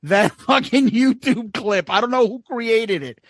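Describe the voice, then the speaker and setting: A man with a high, gravelly voice co-hosts a podcast in loose, casual chat. He swoops up and down a lot as he talks. He's blunt and profane and laughs often, recorded close and dry. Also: animated, unhurried, fairly bright tone, dry recording. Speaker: podcast co-host.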